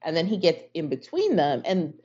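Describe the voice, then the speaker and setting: Woman, low and dark-toned, casual rambling book-review monologue, muffled lo-fi sound. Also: huge pitch swings, moderate pace, breathy edge. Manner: rambling, heavy use of "like" fillers. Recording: slightly muffled lo-fi recording.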